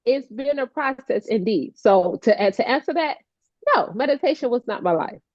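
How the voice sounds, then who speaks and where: A woman co-hosting a heartfelt casual chat, animated and playful, laughing often. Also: a little high, moderate pace, no echo, highs cut off. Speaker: co-host, stroke survivor advocate.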